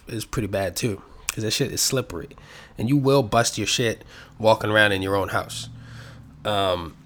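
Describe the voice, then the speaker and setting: A man talking casually and at length, rambling and cursing freely, with his voice rising and getting louder when he gets excited. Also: mid-range voice. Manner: rambling, profane, self-reflective. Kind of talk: casual solo chat.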